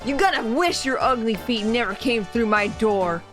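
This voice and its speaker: Gruff, menacing mob boss, hot-tempered, higher than expected, read by a woman, faint music under. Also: lively intonation, moderate pace, a bit bright. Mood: threatening. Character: menacing mobster boss, male, middle-aged, hot-tempered.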